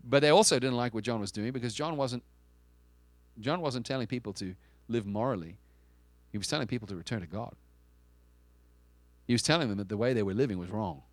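A man's voice: mid-range voice, fairly quick, long pauses, no room sound. Emphatic conversational male preacher. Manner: conversational and emphatic, with rhetorical questions and frequent restarts. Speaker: pastor. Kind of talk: sermon.

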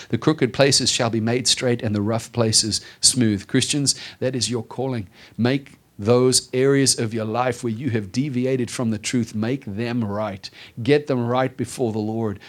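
A male pastor delivering a sermon at a middle pitch. He builds through repeated, emphatic phrases, then sinks to low, quiet stresses. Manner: preaching with rising emphatic repetition.

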